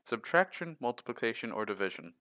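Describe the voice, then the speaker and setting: A man co-hosting a casual podcast, reading long riddles aloud in a steady listing way. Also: medium pitch, fairly quick, no echo, highs cut off. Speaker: podcast co-host.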